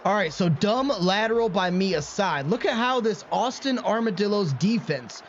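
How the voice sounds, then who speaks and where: A man hosting let's-play commentary of a video game, excitable and quick to rant at himself in frustration. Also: high-pitched. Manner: excitable, swings into frustrated self-mocking rants. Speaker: gaming channel host. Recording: muffled lo-fi audio with faint background noise.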